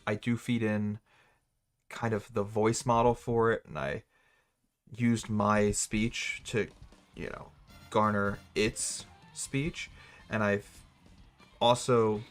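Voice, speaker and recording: A young man streaming a video game live, rambling and joking sarcastically with his chat. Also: mid-range voice. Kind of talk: gaming livestream chat.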